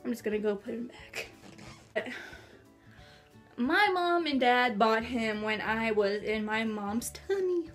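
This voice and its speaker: A woman's voice: fairly high pitch, expressive, slow pace, pauses often, soft background music. A teenage girl chatting to camera in her bedroom, rambling and bubbly. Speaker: vlogger. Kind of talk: casual chat to camera. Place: bedroom at home.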